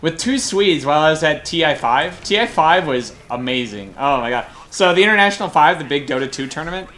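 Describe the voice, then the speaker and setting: Rambling, excitable young man caster. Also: a little high, fairly quick, slight background noise. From Colorado, USA. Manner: rambling, excited anecdotes with swearing and laughter. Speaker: game caster. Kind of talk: casual storytelling during a game broadcast.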